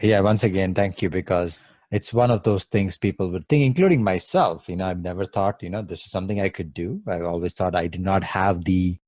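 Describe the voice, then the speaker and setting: A man's voice: deep voice, brisk, darkish tone, no room sound. A man hosting a podcast interview, enthusiastic and stumbling over restarts as he asks questions. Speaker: podcast host. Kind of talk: interview conversation.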